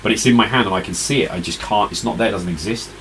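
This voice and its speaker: A man's voice: lowish voice, quick pace, fairly bright tone, slight background noise, low-quality recording. A tired man streaming retro games, chatting casually and rambling to his viewers. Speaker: retro gaming live streamer. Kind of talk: casual live-stream chat.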